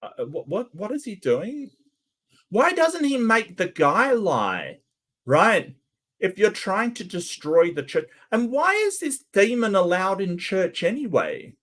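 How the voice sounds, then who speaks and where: A man giving casual, sarcastic commentary over a video he is watching. He rambles and restarts often, and his pitch rises and falls in a lively way. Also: slow. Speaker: reaction video host.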